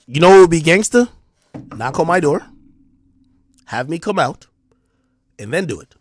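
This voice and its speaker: Brief: New Jersey man, livestream host, confrontational rant, high lively voice, dry close sound. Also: moderate pace, no echo. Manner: taunting, confrontational, swings between loud and low. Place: home streaming room.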